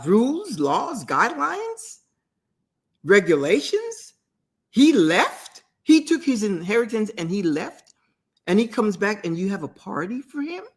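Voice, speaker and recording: A woman's voice: lowish voice, vocal fry, warm tone. A woman voicing an angry, resentful older son who fires off indignant questions in a storytelling talk. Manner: indignant rapid-fire questions.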